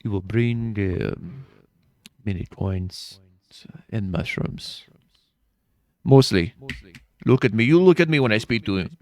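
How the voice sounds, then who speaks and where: A man voicing a menacing mob boss plumber with a slow, demanding mock Italian delivery. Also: lowish voice, a little mellow, dry recording.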